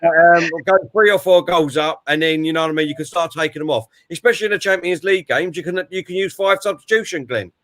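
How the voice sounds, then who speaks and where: A man's voice: a little high, fast talker, hardly any pauses, a bit bright. A man hosting a casual football chat, talking in a friendly way with many hesitations and fillers. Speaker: host.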